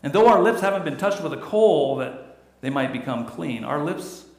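A man's voice: fairly high pitch, lively intonation, moderate pace, gravelly. A middle-aged male pastor preaching a sermon with earnest delivery that rises and falls. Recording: echoey church room.

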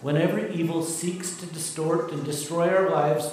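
A man preaching a sermon as pastor, with emphatic, slowly stressed phrases, in a large church. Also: fairly high pitch, fairly even intonation, a little mellow, a little hiss or hum. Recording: very echoey hall, mic far off.

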